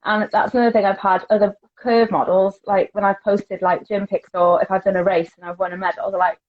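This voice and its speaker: A woman's voice: medium pitch, little pitch movement, fairly quick. A woman, a curve model chatting candidly as a podcast guest, laughing often. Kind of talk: casual podcast chat. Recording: dull lo-fi sound.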